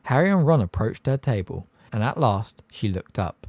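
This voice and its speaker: A man narrating an audiobook in an expressive storybook style. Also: on the low side, normal speed, dry recording. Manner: expressive, varied delivery. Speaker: audiobook reader.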